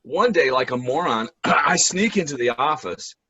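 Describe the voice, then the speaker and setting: A hoarse man, a musician and voice actor, telling lively stories on a video call, often laughing and clearing his throat. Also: a little high, moderate pace, dull audio. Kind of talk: casual storytelling chat.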